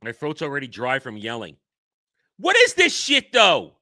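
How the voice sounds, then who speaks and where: Bright-voiced man ranting loudly. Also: medium pitch, huge pitch swings, moderate pace, slight background noise. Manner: angry, profane, shouting rants. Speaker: show host. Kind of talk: ranting commentary.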